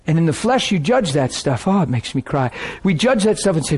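High-ish guy preaching, telling stories and doing everyone's voices. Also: brisk, breathy edge. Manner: animated, acts out voices. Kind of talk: sermon storytelling.

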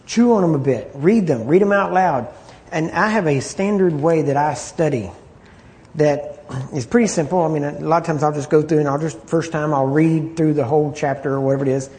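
A man teaching an informal Bible study, talking conversationally, repeating himself and often clearing his throat. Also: on the high side, fairly quick, a little mellow.

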